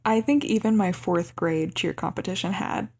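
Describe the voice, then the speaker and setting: A young woman co-hosting a podcast who recaps a movie casually and acts out the quoted lines with lively changes of voice. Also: mid-range voice, moderate pace, husky. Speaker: podcast co-host.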